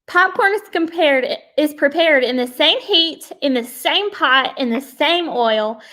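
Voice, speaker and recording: A sales team leader with a high-sitting, sharp-toned voice delivers a motivational pep talk. She's emphatic and preachy, talks to her listeners in a direct, folksy manner and laughs a lot.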